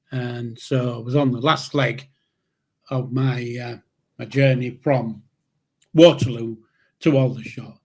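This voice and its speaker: Man, 70s, slow husky storyteller, rambling memoir. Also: medium pitch. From England. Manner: rambling, halting, with chuckles. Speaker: channel host, grandfather. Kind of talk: casual spoken memoir storytelling.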